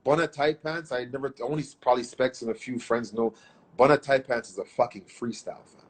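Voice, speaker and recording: A middle-aged man from Canada, telling stories as a guest in a casual interview, animated and profane, acting out what others said. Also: medium pitch, fairly quick. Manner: animated, profane storyteller who acts out quotes. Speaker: guest artist.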